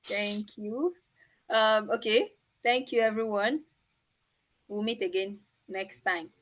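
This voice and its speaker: A woman's voice: medium pitch, slow pace. Chatty Nigerian woman hosting on a video call. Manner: chatty and teasing. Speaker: online meetup host. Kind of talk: casual chat.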